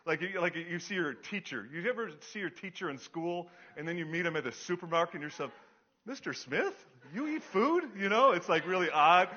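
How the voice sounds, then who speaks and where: Casting: middle-aged male pastor, bright, fairly high voice, rambling anecdotal sermon, dull lo-fi recording. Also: fast talker, few pauses. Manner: chatty, self-deprecating, many fillers. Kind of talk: storytelling sermon. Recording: dull lo-fi sound.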